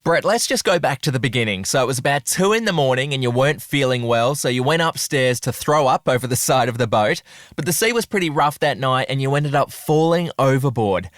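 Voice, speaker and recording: A man's voice: mid-range voice, lively intonation, brisk, fairly bright tone, dry recording, studio quality. A man hosting a news podcast, narrating a survival story and then interviewing his guest. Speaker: podcast host.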